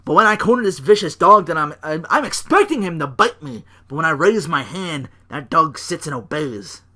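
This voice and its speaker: A man's voice: fairly high pitch, sing-song, moderate pace, pushed and bright, exaggerated voice. A man voicing an eerie male wrestler who preaches menacing, theatrical threats. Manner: theatrical, sermon-like menace, sudden cackles.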